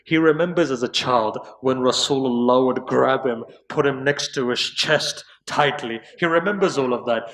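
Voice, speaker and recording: A man's voice: on the high side, slight background noise, rough recording. A man giving an emotional storytelling sermon, putting rhetorical questions to his listeners. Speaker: preacher.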